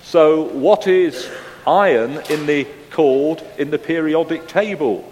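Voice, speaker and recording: Pastor, male, conversational sermon with quiz questions, slightly higher voice, unhurried, church reverb. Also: a little hiss or hum. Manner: conversational and gently humorous, asks the congregation questions. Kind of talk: sermon with picture-clue quiz.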